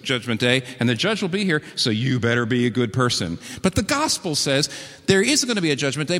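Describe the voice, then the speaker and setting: A man preaching a sermon, telling stories earnestly and slowing down to repeat key words with emphasis. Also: medium pitch, a bit bright, long reverb tail. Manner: earnest storytelling with slow emphatic repetitions. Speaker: pastor.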